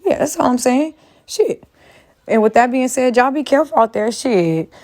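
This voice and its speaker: Brief: woman vlogger, fairly high voice, profane and emphatic, talks straight to camera. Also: expressive, brisk, a little mellow. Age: adult, a mother. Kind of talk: casual commentary rant.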